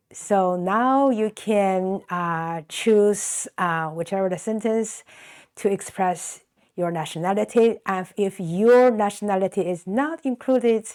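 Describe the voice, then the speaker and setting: Woman, Chinese accent, native Chinese speaker, slow, patient language lesson. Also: mid-range voice, a little mellow. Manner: patient, repeats words slowly for learners. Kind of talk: slow explanatory online lesson.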